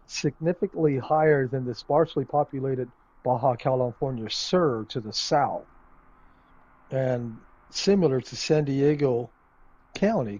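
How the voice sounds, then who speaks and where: A man's voice: mid-range voice, mellow, dry recording, muffled recording. A man hosting a flight simulator video, chatting casually and rambling with many ums and uhs as he thinks aloud. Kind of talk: casual gameplay commentary. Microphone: desk microphone.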